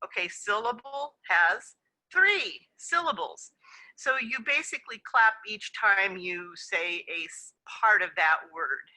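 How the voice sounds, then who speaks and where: A woman's voice: medium pitch, animated, takes it slowly, pushed and bright, poor audio. A woman presenting a conference session over a video call, explaining in a friendly way with some fillers. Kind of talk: webinar presentation.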